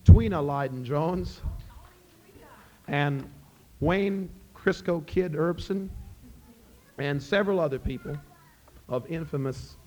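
A middle-aged man with a Southern Appalachian accent, telling a folk tale to a live audience in a folksy, relaxed way. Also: a little high, slow, long pauses. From Scott County, Virginia. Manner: folksy, relaxed, addresses listeners as friends. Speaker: storyteller and musician.

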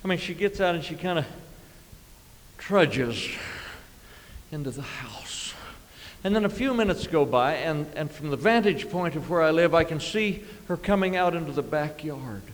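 A middle-aged man telling a comic story in a drawling, deadpan way, adding sound effects and chuckles. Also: a little high, normal speed. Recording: live hall reverb, faint ambience.

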